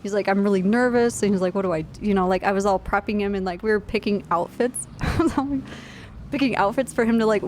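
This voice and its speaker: A woman streamer in her twenties, live streaming a game, tells a blunt, profane and rambling story full of fillers in casual chat. Her voice has a medium pitch and a darkish tone, with slight background noise.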